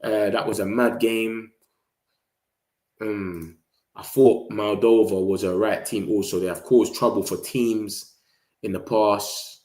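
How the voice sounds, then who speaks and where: A man's voice: fairly low pitch, steady tone, takes it slowly, darkish tone. Slangy young man, echoey room. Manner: rambling, slangy, reacts to the match. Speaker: football vlogger. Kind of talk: casual live-stream chat.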